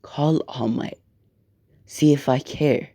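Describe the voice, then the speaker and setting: A man voicing a vengeful young male hero turned god-like villain, speaking in quiet, cold threats. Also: mid-range voice, fairly even intonation, slow pace, vocal fry. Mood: menacing.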